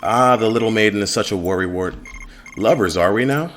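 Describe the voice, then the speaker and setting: A man reading the lines of a sharp-tongued female healer in a fantasy game, in a mocking, sarcastic tone. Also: lowish voice, fairly quick, a little hiss or hum, voice pushed up, lightly acted.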